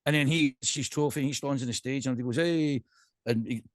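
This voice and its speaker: A man with a Scottish accent, a podcast guest and pipe band drummer, chatting casually in an animated ranting way and often checking in with "right?". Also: mid-range voice, fast talker, no room sound, studio quality.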